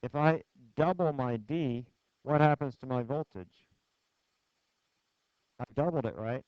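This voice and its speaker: A man's voice: medium pitch, a little slow, no room sound. Man, physics lecturer, conversational and joking, lo-fi classroom screencast audio, dry sound. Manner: conversational, asks the class questions and jokes. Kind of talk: classroom lecture with clicker questions. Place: lecture hall.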